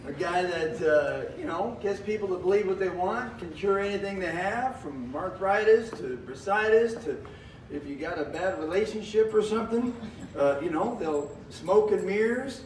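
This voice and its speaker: A jokey, folksy male magician with a fairly high voice who chuckles through his showman patter. He sounds set back from the mic in an echoing room, with faint noise behind him. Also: lively intonation, moderate pace. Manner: jokey, chuckles often, cowboy-flavored folksy talk. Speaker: magician and variety performer. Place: live stage show with audience. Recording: roomy, distant, with faint noise.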